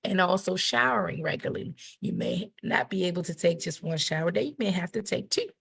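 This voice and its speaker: Middle-aged woman educator, warm-hearted coaching delivery, slightly raspy with some vocal fry. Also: fairly low pitch, a little fast. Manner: animated, encouraging, acts out quotes. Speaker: educator presenting a puberty book. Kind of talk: teaching talk to parents and kids.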